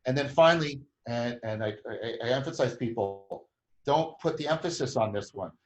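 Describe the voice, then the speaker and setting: A man's voice: mid-range voice, normal speed, poor audio. A man hosting a conversation, explaining a group process at length with many restarts and frequent tag questions. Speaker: host.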